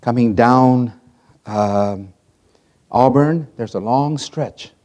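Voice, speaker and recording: A middle-aged man preaching a sermon, telling stories dramatically and swinging from loud to hushed. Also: medium pitch, extremely slow, highs cut off. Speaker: pastor.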